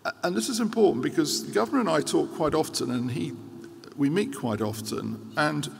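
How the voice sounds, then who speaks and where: A man in his sixties giving a formal keynote speech as a central bank governor, measured and earnest with occasional hesitations. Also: a little high, expressive, creaky. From United Kingdom. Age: 60s. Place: large conference hall. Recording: reverberant hall with faint background noise.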